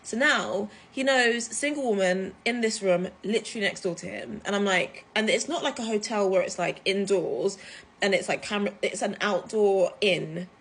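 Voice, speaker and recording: A woman from the UK, telling a story to camera in a chatty, animated way, full of fillers. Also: mid-range voice, normal speed, breathy edge. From United Kingdom. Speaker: vlogger. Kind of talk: casual storytime vlog.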